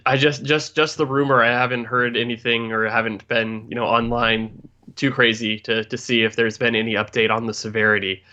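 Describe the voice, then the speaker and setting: A man's voice: medium pitch, level tone, a little fast, bright, forceful tone, muffled recording. A man co-hosting a live podcast, hesitant and starting over often. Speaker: podcast co-host. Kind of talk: casual live podcast chat.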